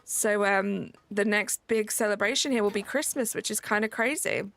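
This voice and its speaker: A UK woman in her thirties hosts a gaming livestream, relaxed and rambling with plenty of "like" fillers as she chats and reads chat. Her gravelly, medium-pitched voice moves at normal speed with no room sound, over faint background music.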